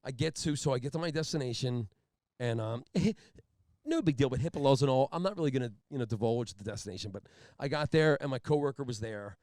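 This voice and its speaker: A man's voice: mid-range voice, brisk, no echo, clean studio sound. A man co-hosting a podcast, telling a story in casual chat and acting out the people in it. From Philadelphia area, Pennsylvania. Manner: animated storyteller who acts out the people he quotes. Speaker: podcast co-host.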